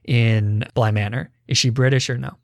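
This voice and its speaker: Man, twenties, podcast host, casual chat, dry close sound, medium pitch. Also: fairly even intonation, moderate pace, vocal fry, no room sound. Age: 20s. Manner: chatty, runs a quiz game on the co-host.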